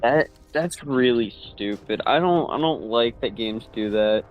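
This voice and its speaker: Guy hanging out on a friend's stream, jokey rambly chat, medium voice, soft music behind. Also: mid-range voice, measured pace, lo-fi sound. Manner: joking and rambling, trails off mid-thought. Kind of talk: casual chat.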